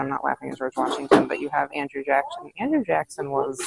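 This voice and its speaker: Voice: mid-range voice, lively intonation, brisk, gravelly, hardly any pauses, slightly rough, rough recording. A thrift vlogger chatting casually while browsing a store, musing aloud over prices with frequent giggles. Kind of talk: casual shopping vlog chat.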